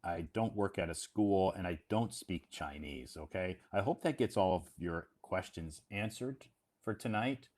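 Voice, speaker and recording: A man's voice: low-pitched, measured pace, darkish tone. A man from Iowa, casually talking to English learners in a spoken lesson, repeating phrases and checking understanding with "okay?". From United States, Iowa.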